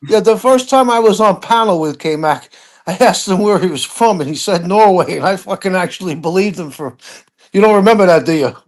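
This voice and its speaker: A man's voice: high-pitched, a little fast. A man in a casual chat, blunt and joking, swearing now and then.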